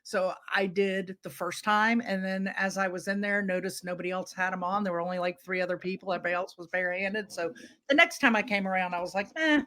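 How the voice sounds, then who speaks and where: A woman co-hosting a casual group chat about reselling, telling lively, playful stories. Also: medium pitch, fast talker. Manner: animated storyteller, playful voices in anecdotes. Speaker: podcast co-host.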